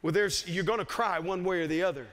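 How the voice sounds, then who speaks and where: Bright high-voiced preacher in a hall. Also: male voice, fast talker. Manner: emphatic, repeats key phrases. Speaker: pastor. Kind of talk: sermon. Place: church sanctuary.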